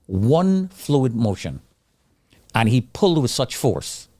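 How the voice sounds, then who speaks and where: A middle-aged man giving an intense personal testimony of surviving a disaster, acting out his own pleas and the shouts he heard. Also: mid-range voice, sing-song, slow, dry recording. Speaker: survivor telling his story.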